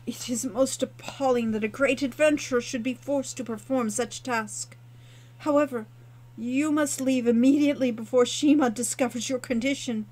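Lady doing a prim catlike innkeeper guy, super formal and polite, bit higher than her own voice. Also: fairly even intonation, moderate pace, a little mellow. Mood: dismayed. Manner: formal, courteous, faltering. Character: polite fussy male cat-like innkeeper creature.

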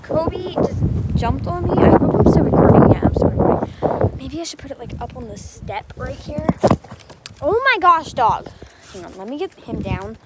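A woman's voice: high-pitched, lively intonation, normal speed. A woman chatting casually to camera outdoors, often telling her dogs to get down. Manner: chatty, scolding dogs between remarks. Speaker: vlogger. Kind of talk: casual vlog talk to camera. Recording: loud wind and background noise.

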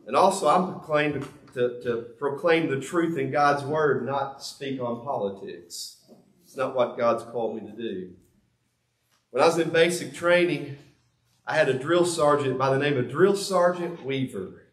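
A man's voice: medium pitch, measured pace. Earnest man preaching in an echoey church. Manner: confessional, earnest, with emphatic repetition. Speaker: pastor. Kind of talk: sermon. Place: church sanctuary.

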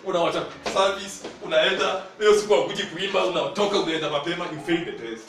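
Pitched high and a bit bright, this man talks fast with hardly a pause, over slight background noise. He is delivering a sermon with a Kenyan accent, switching between Swahili and English and calling for the congregation to answer. The echoey church hall is captured from a distance.

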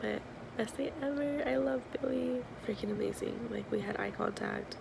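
Hoarse girl vlogging from her hotel room, kinda high voice, lots of gravelly fry, tired and chatty. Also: normal speed, noisy background. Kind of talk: casual vlog chat.

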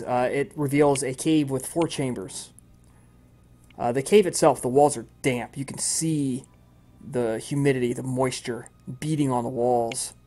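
A man's voice: medium pitch, mellow. A man narrating as game master of a tabletop role-playing game, with frequent ums and uhs.

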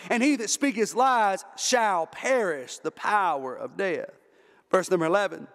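A pastor preaching a sermon, with emphatic rises and drops and repeated phrases. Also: male voice, extremely high pitch, fairly bright tone. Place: church sanctuary. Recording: reverberant church hall.

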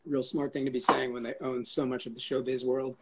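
A man's voice: mid-range voice, little pitch movement, fairly quick, crowd noise. A man chatting as an interview guest, rambling, swearing casually and cracking jokes. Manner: rambling, profane and jokey.

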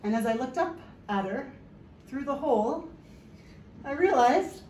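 A woman's voice: high voice, lively intonation, a little slow, a little mellow, a little hiss or hum. A woman giving a humorous stage talk, telling a playful story and joking with the audience. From Canada. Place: stage before a live audience. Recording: echoey hall, voice from far off.

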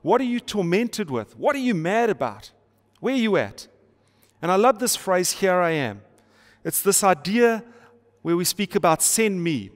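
A man's voice: sits high, big pitch swings, a little slow. A middle-aged man preaching a sermon to an online audience, emphatic and repetitive, with rhetorical questions and playful asides. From South Africa. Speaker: pastor. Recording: long hall reverb.

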